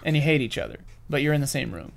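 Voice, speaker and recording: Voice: medium pitch, very animated, racing, gravelly. A game facilitator explaining the rules in casual chat, guiding the players and laughing easily.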